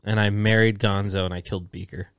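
A man on a casual comedy podcast who teases the others and breaks into squeaky impressions. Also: little pitch movement, quick pace, fairly bright tone, clear, resonant tone. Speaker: podcast co-host.

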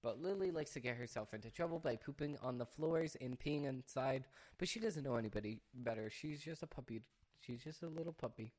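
A young man hosting a casual solo podcast, chatting in a rambling way and often breaking off to hush his dog. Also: medium pitch, a little fast, few pauses. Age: young adult. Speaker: podcast host.

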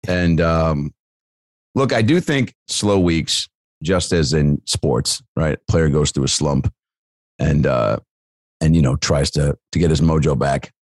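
A man's voice: rumbling low, slow, no echo, clean studio sound. A man hosting a casual podcast, joking and swearing in a laid-back way. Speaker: comedian podcast host.

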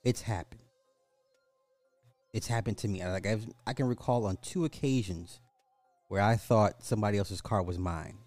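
A man's voice: on the low side, normal speed, long pauses, darkish tone, no room sound, soft background music. A man hosting a podcast, reading a news story aloud and breaking off for sarcastic, casual asides. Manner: sarcastic, jokey, reads articles aloud with asides. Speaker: podcast host.

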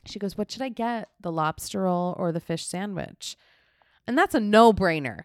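A woman's voice: medium pitch, moderate pace, dry recording, clean studio sound. A young adult woman co-hosting a podcast, casually telling a story and acting out the quotes. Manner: animated anecdote teller, acts out quotes. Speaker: podcast co-host.

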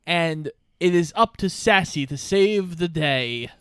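A man's voice: a little high, animated, slow pace, fairly bright tone, clear, resonant tone, dry recording. Man co-host, wry storyteller, clean and dry. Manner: wry, joking retelling of the plot. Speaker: podcast co-host. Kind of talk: casual movie recap chat.

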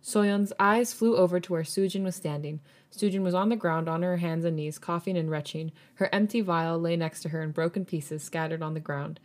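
A woman podcast host reading fan fiction aloud, chatty and relaxed, with small stumbles as she goes. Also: lowish voice, brisk.

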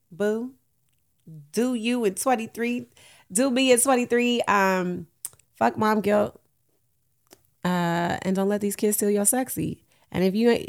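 A woman's voice: medium pitch, darkish tone. A woman in her late thirties hosting a casual solo podcast, candid and uplifting, laughing often, with African American Vernacular English. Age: late 30s. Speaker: podcast host.

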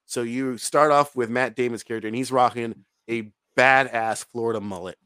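Male podcast co-host, loose and swearing, medium pitch, dry close sound. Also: fairly even intonation, moderate pace, bright, forceful tone, clear, resonant tone, dry recording. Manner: rambling, profane, laughs often. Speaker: podcast co-host reviewing a film. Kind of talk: casual podcast chat.

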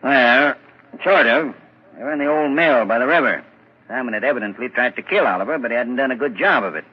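A man playing a calm, folksy village constable in 1940s radio acting. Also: medium pitch, brisk, husky. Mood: reporting. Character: easygoing male village constable. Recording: tinny old radio recording, faint hiss.

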